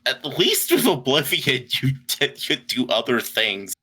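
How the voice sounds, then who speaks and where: A man co-hosting a podcast in loose, casual chat. His voice is bright and forward, and he jokes crudely with lots of fillers. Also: mid-range voice, sing-song, a little slow, breathy edge. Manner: crude, joking, full of fillers. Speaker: podcast co-host.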